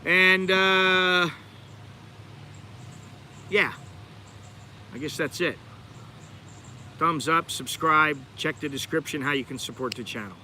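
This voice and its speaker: A middle-aged American man with a very bright, cutting voice, pitched a little high for a man. He chats and digresses freely as a livestream host, talking straight to his viewers, with faint traffic noise behind him outdoors in the city. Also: slow, pauses often. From United States. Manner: chatty, digressive, talks to viewers directly. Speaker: channel host. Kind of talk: rambling livestream chat.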